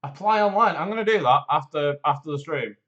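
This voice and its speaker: A man's voice: on the high side, animated, a little fast, fairly bright tone, lo-fi sound. A man hosting a local live stream, reading a promotion and rambling in a jokey, self-deprecating way. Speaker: host of a local live show. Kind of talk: casual live-stream chat with read promotion.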